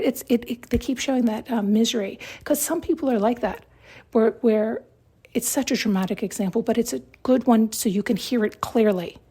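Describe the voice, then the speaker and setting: A woman with a slightly high, mellow, slightly rough voice hosts a podcast, delivering an emphatic self-help monologue. She repeats herself and keeps checking in with "right?"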